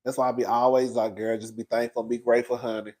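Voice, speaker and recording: A man's voice: mid-range voice, flat delivery, quick pace, dark tone. A man in his forties hosting his own commentary channel, talking to viewers in a sassy, emotional, gossipy casual chat. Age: 40s.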